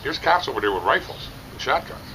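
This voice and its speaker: A middle-aged man telling a rambling, animated story, casually chatting outdoors at a barbecue competition. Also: medium pitch, fast talker, noisy background.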